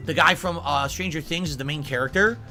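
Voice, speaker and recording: A man's voice: fairly high pitch, brisk, sharp tone, soft background music. A man hosting a scripted gaming news segment, delivered in an upbeat presenter style.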